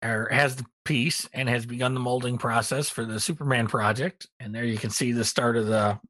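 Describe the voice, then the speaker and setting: A middle-aged man co-hosting a casual hobby podcast, relaxed and rambling with many ums, a little tired. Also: mid-range voice, moderate pace, no echo. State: tired, yawning. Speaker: podcast co-host. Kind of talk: casual hobby news chat.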